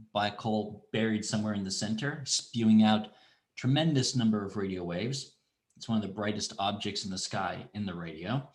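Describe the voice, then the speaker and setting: A middle-aged man teaching an online astronomy class, talking in a relaxed, rambling way with restarts and asides. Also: on the low side. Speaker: university astronomy instructor. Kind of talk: online lecture with screen demo.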